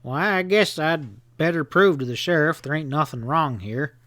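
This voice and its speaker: A man voicing a hot-tempered middle-aged hotel owner in a western audiobook, gruff and blustering. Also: on the high side, moderate pace, sharp tone, voice pushed up.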